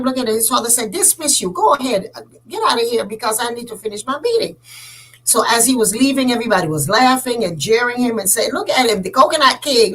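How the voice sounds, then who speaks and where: A woman tells a folk tale aloud in a husky voice. She leaps high in pitch to act out each character's lines, then drops back to a slow, weighty narrating tone. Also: rough recording. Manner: animated, acting out each character's lines with big pitch jumps. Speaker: storyteller. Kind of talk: oral storytelling.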